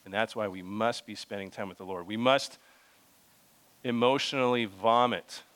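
A man's voice: fairly low pitch, fairly even intonation, normal speed, a bit bright. A young man preaching a sermon in a conversational way, reading scripture and talking to the congregation with frequent restarts and asides. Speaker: pastor.

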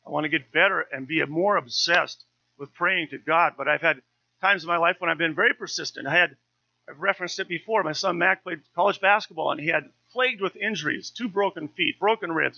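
A man's voice: high voice, gravelly, sharp tone, no echo, muffled recording. A man in his fifties, a pastor preaching a sermon in a conversational, story-telling way with touches of humour.

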